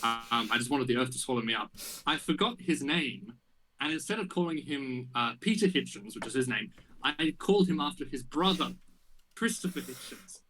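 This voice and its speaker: A young man co-hosting a podcast, telling an anecdote in casual chat, animated and full of fillers. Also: mid-range voice, normal speed, low-quality recording. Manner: animated storytelling with many fillers. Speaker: podcast co-host.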